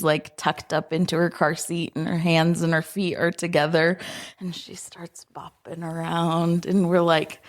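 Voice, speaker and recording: A woman guest on a podcast, telling family stories in an unhurried, gentle way with soft laughter between thoughts. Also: fairly low pitch. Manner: unhurried, often laughing softly while remembering. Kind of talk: casual interview storytelling.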